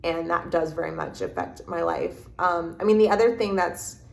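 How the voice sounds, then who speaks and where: A woman with a lowish voice recounts a personal experience as an interview guest. She halts and restarts often while searching for words. The room around her sounds echoey. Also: normal speed, creaky. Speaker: podcast guest. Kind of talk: reflective interview storytelling. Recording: roomy echo.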